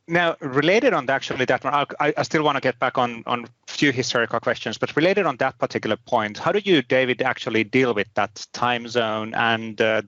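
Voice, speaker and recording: A man's voice: mid-range voice, fairly bright tone, no echo. A European man hosting a casual chat, often repeating words as he starts a thought. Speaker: host. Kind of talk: casual video-call chat. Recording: dry, dull lo-fi call audio.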